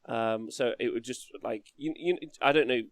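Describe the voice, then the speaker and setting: A man hosting a casual livestream podcast, chatty and quick to laugh as he reads the chat aloud. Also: mid-range voice, no room sound, clean studio sound. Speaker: podcast host.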